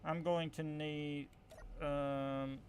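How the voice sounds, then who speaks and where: Speaking very slowly in a fairly high, slightly mellow voice with little pitch movement, a young Southern man hosts casual survival game commentary. He rambles, corrects himself, and vents frustration, with slight background noise present.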